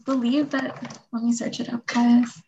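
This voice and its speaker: A woman's voice: on the high side, level tone, unhurried. A woman from Canada co-hosting a podcast, chatting casually, giggly and rambling with lots of "like". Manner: giggly, rambling, heavy use of filler "like". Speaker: podcast co-host. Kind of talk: casual chat. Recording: slightly dull lo-fi sound with faint noise.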